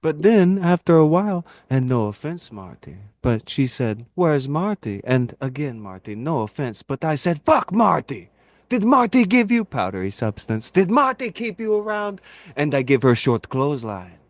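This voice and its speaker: A man putting on an impression of a fawning, eager-to-please older male wrestler, with drawn-out pleading lines. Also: medium pitch, expressive, darkish tone, no room sound, voice pushed up, natural voice.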